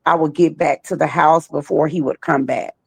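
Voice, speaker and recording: Woman, trafficking survivor guest, deep gravelly voice, halting repetitive delivery. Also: steady tone, darkish tone, no room sound. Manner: slow, halting, repeats phrases. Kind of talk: personal testimony.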